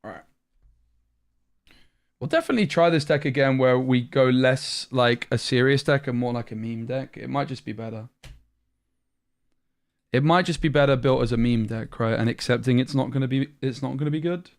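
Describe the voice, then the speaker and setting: At a moderate pace and in a mid-range voice, a young British man comments live on his card game. He pauses often, musing aloud in a chatty way, clearly tired from a long session.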